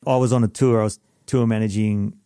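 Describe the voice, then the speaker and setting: A man hosting a podcast, chatting and telling stories quickly, often apologising for interrupting. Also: on the low side, steady tone, dark tone, clear, resonant tone, no echo, studio quality. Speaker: podcast host. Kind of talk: casual chat and storytelling.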